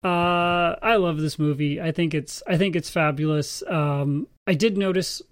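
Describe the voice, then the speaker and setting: A man's voice: on the high side, steady tone, unhurried, clean tone. A married man on a podcast, rambling enthusiastically and jokingly about a favorite film. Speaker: podcast co-host. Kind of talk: casual film discussion.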